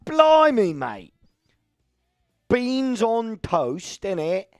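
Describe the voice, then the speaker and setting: A man's voice: medium pitch, lively intonation, slow pace, darkish tone, dry recording, studio quality, soft background music. A man putting on an exaggerated, slangy mock British accent as a cheeky bloke, jokingly.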